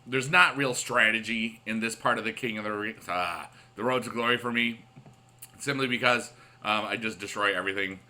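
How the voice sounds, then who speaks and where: A man's voice: on the low side, sharp tone. A man casually commenting on his mobile wrestling game late at night, upbeat and rambling, with many fillers and restarts. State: up late on caffeine. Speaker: YouTube gaming host.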